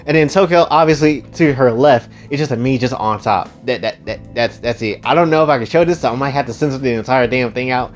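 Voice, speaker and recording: A man rambling through a crude comedic retelling, talking straight to his viewers with excitable asides. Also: medium pitch, brisk, few pauses, faint music behind. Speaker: storyteller, channel host.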